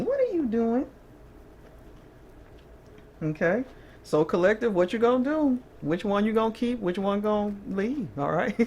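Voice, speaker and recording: A woman's voice: fairly low pitch, a little mellow, dull audio, slight background noise. Chatty woman doing a tarot reading. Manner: chatty, keeps checking in with "okay?"; breaks into short laughs. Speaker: tarot reader. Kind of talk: casual tarot reading to camera.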